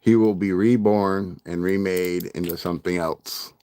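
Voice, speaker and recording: Low-voiced man chatting on a stream. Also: steady tone, unhurried, mellow, smooth, no room sound. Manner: rambling, joking, laughs often. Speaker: livestream host. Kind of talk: casual chat with live chat.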